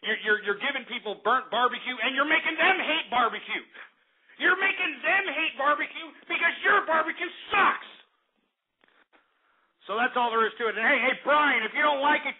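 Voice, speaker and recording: Host: man, raspy high voice, cussing rant over a tinny phone-like line. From Texas. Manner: profane, heated ranting. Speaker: radio show host. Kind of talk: talk radio rant. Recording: tinny phone-like internet radio.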